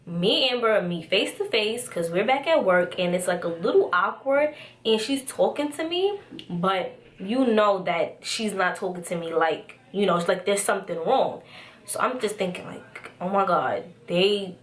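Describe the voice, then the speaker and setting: A young adult woman vlogger telling a casual story-time tale, chatty and animated, with lots of "like" and "so". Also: medium pitch, moderate pace. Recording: roomy echo.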